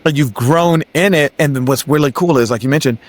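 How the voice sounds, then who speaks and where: A man's voice: fairly high pitch, a little fast, no echo. A man hosting an interview who asks easygoing, encouraging questions in a casual way. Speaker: podcast host.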